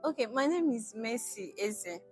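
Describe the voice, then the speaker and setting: A woman's voice: fairly high pitch, lively intonation, unhurried, loud music behind the voice. A Nigerian woman budget officer giving an explanatory interview answer. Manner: explanatory, advocacy tone.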